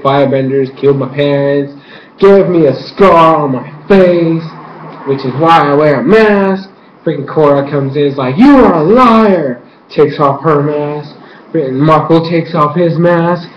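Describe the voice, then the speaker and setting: A young man with a somewhat high voice talks through an episode review in an excited, rambling rush, slipping into characters' lines as he retells it. The sound is dull and lo-fi, with the echo of a bare room and a faint hiss underneath. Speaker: YouTube reviewer. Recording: echoey room, dull lo-fi mic.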